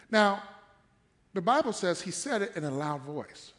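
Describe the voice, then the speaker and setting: High-voiced man preaching emphatically. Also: big pitch swings, a little slow, a bit bright. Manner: emphatic, questioning the congregation. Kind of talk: sermon. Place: church.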